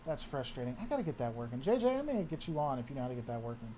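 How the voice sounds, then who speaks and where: A man's voice: mid-range voice, very animated, very fast, dark tone, slight background noise. A man hosting a casual livestream, answering chat and often trailing off and restarting his sentences.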